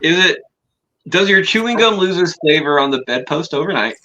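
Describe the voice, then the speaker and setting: A man's voice: a little high, expressive, fairly quick, sharp tone, lo-fi sound, a little hiss or hum. A man hosting a casual group podcast, laughing and hesitating as he calls on others to vote. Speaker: podcast host.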